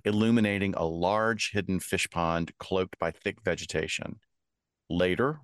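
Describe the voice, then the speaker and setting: A man's voice: low voice, a bit bright, dry recording. A man co-hosting a true crime podcast, reading the case aloud and adding dry asides. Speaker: podcast co-host.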